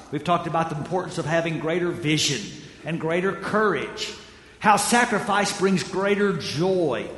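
A man's voice: high-pitched, fairly bright tone. A man preaching a sermon as pastor, telling stories with acted voices and dry humor. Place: large church auditorium. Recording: echoey hall.

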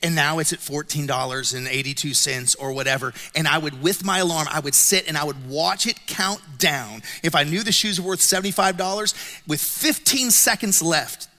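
A middle-aged man preaching with a high, bright, forceful voice. He tells stories with playful self-mocking humor. His voice rings out with the long reverb of a large church hall. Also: normal speed. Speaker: pastor. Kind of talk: sermon. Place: church auditorium.

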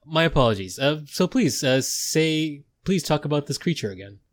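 A man's voice: fairly high pitch, lively intonation, moderate pace, voice pushed up, natural voice. A man voicing a polite, curious male head researcher who talks in a fussy, hesitant way. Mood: confiding.

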